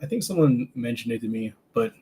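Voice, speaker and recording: A man talking in a casual chat, easygoing and a little hesitant, pausing and restarting as he thinks aloud. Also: mid-range voice, sing-song, dark tone. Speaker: band member.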